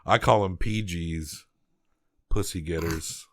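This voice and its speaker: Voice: low-pitched, slow, a bit bright. A podcast co-host casually reviewing a film with a wry, joking manner. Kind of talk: casual movie review chat.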